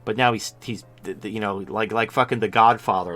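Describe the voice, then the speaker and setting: A man's voice: on the low side, fairly even intonation, fairly quick, fairly bright tone, faint music behind. A man hosting a live-stream talk show, talking in blunt, rambling casual commentary with frequent restarts. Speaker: show host.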